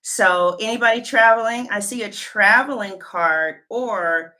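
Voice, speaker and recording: Bright-voiced chatty woman tarot reader. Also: medium pitch, unhurried. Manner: chatty, thinks aloud, trails off and restarts. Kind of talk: live-stream tarot reading, chatting with viewers.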